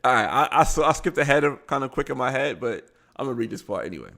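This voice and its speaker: Man, Baltimore accent, gravelly voice, middle pitch, reads articles aloud with stumbles, casual live show host. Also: sing-song, fast talker, fairly bright tone. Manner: reads articles aloud, stumbling over words and adding blunt asides. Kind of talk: casual live commentary reading news aloud.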